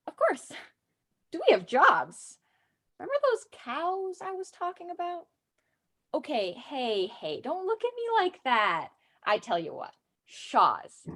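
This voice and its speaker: A woman's voice: on the high side, fairly bright tone. A young woman performing her own comic and serious poems with a playful, theatrical delivery, then answering questions. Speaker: student poet. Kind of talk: poetry reading.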